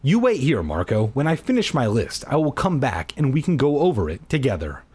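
A man's voice: medium pitch, wildly swooping pitch, brisk, a little mellow, husky. A man voicing a smug, creepy young man who talks in a bossy, rambling way.

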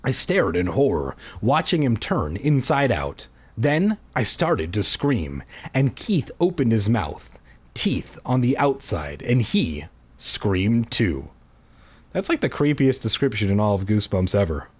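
A man reads a children's horror story aloud as comedy, tossing in dry, sarcastic remarks between passages. His pitch is lively and swings widely as he reads. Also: measured pace, husky. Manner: sarcastic asides, deadpan jokes. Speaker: reader. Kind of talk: comic read-aloud of a kids' horror book.

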